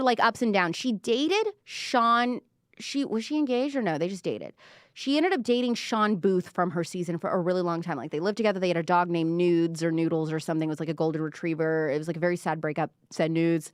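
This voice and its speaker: A woman's voice: mid-range voice, clean tone, no echo. Woman in her 30s hosting a pop culture live show, sarcastic, lots of likes, dry close sound. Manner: chatty and sarcastic, many fillers. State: out of breath. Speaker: host. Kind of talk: casual pop culture commentary.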